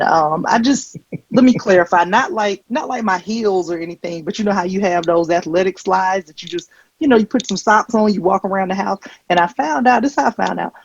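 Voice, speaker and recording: A woman comedian performing a stand-up set, telling stories with deadpan, wry asides into a handheld stage mic. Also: on the low side, creaky, muffled recording. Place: comedy stage before a live audience.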